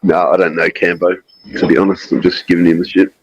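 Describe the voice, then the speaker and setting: A man's voice: low-pitched, level tone, fast talker, husky, lo-fi sound. A man on a stream panel, blunt and crudely joking. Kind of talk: casual panel chat.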